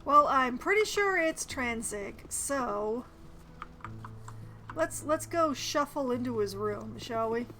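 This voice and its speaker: A woman's voice: fairly high pitch, lively intonation, takes it slowly, bright, forceful tone. A woman casually commenting while she plays a game, chatty and a bit hesitant, poking fun at herself. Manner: chatty, hesitant, self-deprecating. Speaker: streamer playing a game.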